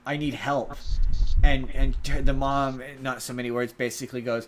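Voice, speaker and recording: A man's voice: mid-range voice, little pitch movement, moderate pace, fairly bright tone, a little hiss or hum, poor audio. A man co-hosting a podcast, recapping a movie in a rambling way with lots of restarts and acted-out quotes. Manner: rambling, many restarts and filler ums, acts out quotes. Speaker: podcast co-host.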